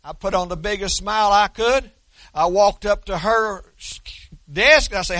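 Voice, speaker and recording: High, bright-voiced preacher man. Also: moderate pace, no room sound. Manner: folksy storytelling with dry self-deprecating humor; repeats and restarts words. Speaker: pastor. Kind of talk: sermon.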